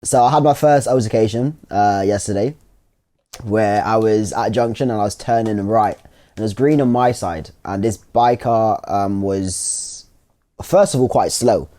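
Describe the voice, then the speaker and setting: Young man with a mellow voice telling a story. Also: fairly low pitch, moderate pace. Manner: animated storytelling, acts out his own lines. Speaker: podcast co-host. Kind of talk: casual chat.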